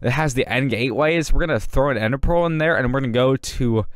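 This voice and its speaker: A hype gaming YouTuber, as a man parodies one rattling on fast with "guys" after every phrase. The voice jumps up in excitement and then drops at the ends of his lines. The tone is smooth and clear. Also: mid-range voice, no echo, studio quality, close to an everyday voice. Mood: excited. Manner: rushed, says "guys" constantly.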